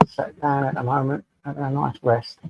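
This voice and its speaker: A man's voice: mid-range voice, little pitch movement, moderate pace, gravelly, darkish tone, lo-fi sound, slight background noise. An English man hosting a casual live stream from home, greeting viewers by name and chatting to them. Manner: chatty, addresses viewers by name, talks to his dog. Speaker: livestream host.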